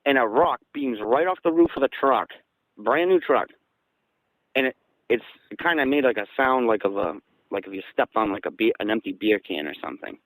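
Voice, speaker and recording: Guest storyteller, man from southeastern Massachusetts, mid-pitched, dry close sound, animated. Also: a little fast, no echo, poor audio. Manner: excited, gets louder and higher when quoting. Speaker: guest recounting an encounter. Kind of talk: casual storytelling.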